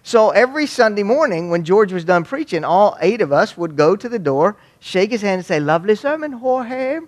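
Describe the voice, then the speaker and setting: A man's voice: sits high, fairly quick, slight background noise. A man from Waco, giving a humorous storytelling talk on youth ministry to an audience. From Waco, Texas. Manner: folksy, joking, animated.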